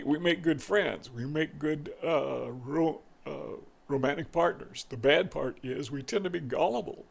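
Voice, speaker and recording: A man's voice: a little high, gravelly, breathy edge. A man hosting his own channel, talking in a rambling, conversational way with frequent restarts. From northern United States. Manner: rambling, self-correcting, conversational. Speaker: channel host. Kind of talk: casual monologue to camera.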